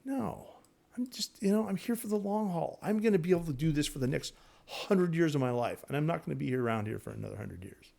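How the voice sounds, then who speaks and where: A man teaching day trading over his charts in a casual, excitable way, repeating himself and talking straight to viewers. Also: a little high, brisk, gravelly. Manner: excitable, repetitive, talks to viewers directly. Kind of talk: casual screen-share trading lesson.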